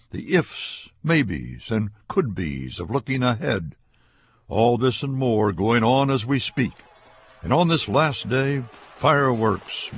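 A man narrating a scripted radio meditation in a measured, deliberate, stately way. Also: mid-range voice, slight background noise. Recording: dull lo-fi radio broadcast.

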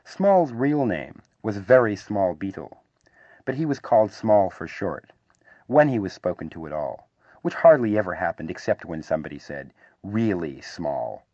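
A man reading a children's storybook aloud as narrator, in an animated, expressive way. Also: on the low side, normal speed, no room sound, highs cut off.

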